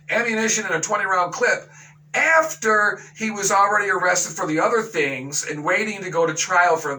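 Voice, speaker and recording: Man, radio host, high voice, outraged sarcastic rant, slightly off-mic. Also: sharp tone, far from the mic, low-quality recording. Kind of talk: opinion talk radio monologue.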